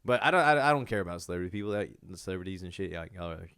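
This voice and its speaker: A man who is a comedian guest on a podcast, chatting in an emphatic, slangy way and loudly quoting himself. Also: sits low, expressive, racing, clean tone. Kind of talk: casual comedy podcast chat.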